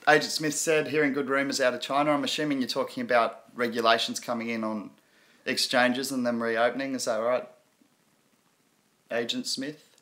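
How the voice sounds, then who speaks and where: A man hosts a casual crypto live stream, talking in a loose, rambling way. His voice is bright and forward. He stops often to read viewer comments aloud, laughing as he goes. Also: medium pitch, steady tone, moderate pace.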